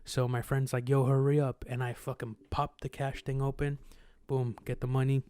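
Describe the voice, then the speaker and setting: A young adult man telling a story in a casual chat, animated and slangy with lots of swearing, often acting out sounds and voices. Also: medium pitch, moderate pace, smooth, no room sound.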